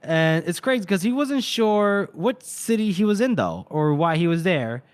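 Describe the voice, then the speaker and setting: A man's voice: high-pitched, sing-song, normal speed, clean tone, no echo. A man co-hosting a book podcast, retelling chapters in loose, profane casual chat. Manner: loose and profane, acting out quoted lines. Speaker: podcast co-host.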